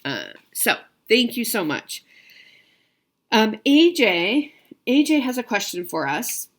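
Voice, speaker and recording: A woman's voice: a little high, sing-song, takes it slowly. A woman from the United States hosting her own stitching video, chatting casually to viewers with lots of fillers and restarts. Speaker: cross-stitch video host.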